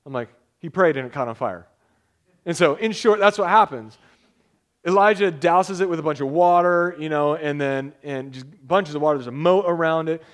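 Pastor, male, a bit higher-pitched than most men, relaxed joking sermon delivery with measured scripture reading. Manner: casual, conversational preaching with jokes; reads scripture aloud in a measured way.

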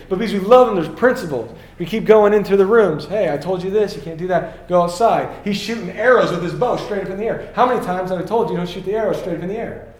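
A man's voice: high-pitched, echoey room. A man in his thirties giving a casual, story-filled sermon as a pastor and acting out the quotes.

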